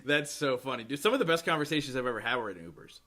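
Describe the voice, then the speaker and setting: Podcast host dude, bright tense voice, hyped, keeps saying legit. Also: male voice, medium pitch, animated, very fast. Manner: enthusiastic, laughs often, says dude and legit. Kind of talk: casual interview chat.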